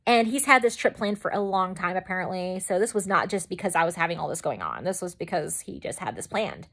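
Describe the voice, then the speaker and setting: A woman's voice: on the low side, animated, brisk, a bit bright. A young woman vlogger telling a personal story in a casual, chatty way, rambling into side remarks and acting out her own past reactions. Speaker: makeup vlogger.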